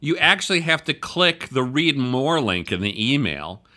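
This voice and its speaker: A man hosting an opinion podcast, sarcastic and loud by his own account. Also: mid-range voice, big pitch swings, normal speed. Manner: sarcastic, self-described loudmouth. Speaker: podcast host.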